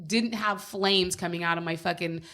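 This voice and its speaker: A woman's voice: on the low side, normal speed, pushed and bright. A woman co-hosting a podcast from home, telling a personal story in a candid, blunt casual chat, with frequent swearing. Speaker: podcast co-host.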